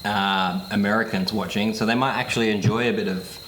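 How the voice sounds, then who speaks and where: A man's voice: on the low side, fairly even intonation, a little fast, a bit bright. A young man co-hosting a podcast, chatting casually in a giggly, rambling, jokey way. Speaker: podcast co-host. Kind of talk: casual chat. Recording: roomy echo, faint insect noise.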